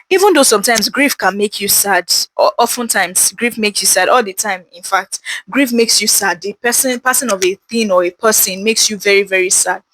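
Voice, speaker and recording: Woman doing an earnest faith talk, repeats herself a lot, mid pitch, dry close sound. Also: a bit bright, no room sound, low-quality recording. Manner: earnest, repetitive and encouraging, with many restarts. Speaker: faith-based grief speaker. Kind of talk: heartfelt faith talk to camera.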